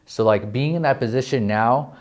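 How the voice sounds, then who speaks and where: A young man from New Mexico, a real estate agent, telling his story in a casual interview, excited and profane, filling his talk with "like". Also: mid-range voice, moderate pace. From New Mexico, USA. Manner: excited, profane, heavy use of "like".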